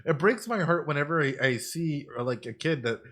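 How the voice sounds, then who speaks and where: Brief: male psychologist streamer, bright, forceful voice, chatty and excitable, lots of "yo" and "man". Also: fairly high pitch, fairly quick. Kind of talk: casual let's-play commentary.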